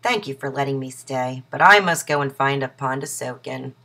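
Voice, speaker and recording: A woman voicing a small young male turtle in a storybook, with a soft little voice. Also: medium pitch, expressive, normal speed, pitched above the performer's own voice. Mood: sad.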